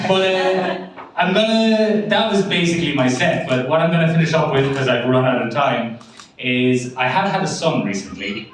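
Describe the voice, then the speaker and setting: Sweary Irish stand-up in an echoey club. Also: male voice, mid-range voice, lively intonation. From Ireland. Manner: sweary, self-mocking, quick asides to the crowd. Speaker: stand-up comedian. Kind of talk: open mic stand-up set. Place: comedy club stage. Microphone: handheld mic, recorded by a far camera. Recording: echoey club from far off, audience noise.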